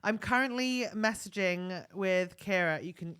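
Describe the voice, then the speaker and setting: A woman co-hosting a podcast, relaxed and rambling, with lots of fillers. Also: medium pitch, unhurried, smooth. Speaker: podcast co-host. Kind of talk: casual chat.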